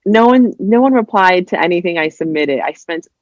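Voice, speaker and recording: A woman from New Jersey, a writer guesting on a podcast, telling stories in a casual, animated way, full of "like" and "you know," and acting out other people's voices. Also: fairly low pitch, moderate pace, no echo, highs cut off. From New Jersey, USA. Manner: heavy use of "like" and "you know". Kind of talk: casual interview storytelling.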